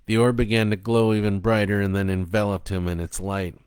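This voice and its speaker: A man narrating a dark story in a slow, even, low-key reading voice. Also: smooth, no echo.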